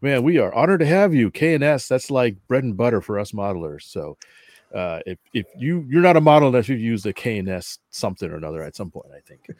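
Guy hosting a hobby podcast, joking around, bouncy pitch, dry sound. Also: a little fast, no room sound. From northern US. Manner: playful, animated, laughs easily. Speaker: podcast host. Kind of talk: casual chat.

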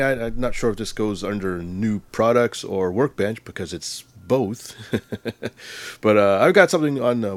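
A man's voice: lowish voice, no echo. A man co-hosting a casual hobby podcast, easygoing and searching for words as he explains things. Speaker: podcast co-host. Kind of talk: casual chat.

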